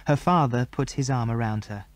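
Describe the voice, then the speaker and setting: A man narrating a children's adventure audiobook in a measured storytelling manner. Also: medium pitch, dry recording. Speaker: audiobook reader.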